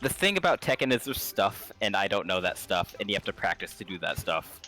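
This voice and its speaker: A man's voice: on the low side, very animated, fairly quick, pushed and bright, soft background music. A young man co-hosting a casual gaming stream, talking with wry, sarcastic humor. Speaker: co-host.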